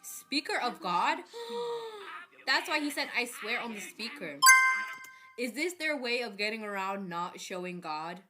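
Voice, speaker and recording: A woman's voice: on the high side, sing-song, measured pace, over loud music. A woman hosting a reaction video, chatting casually with joking asides.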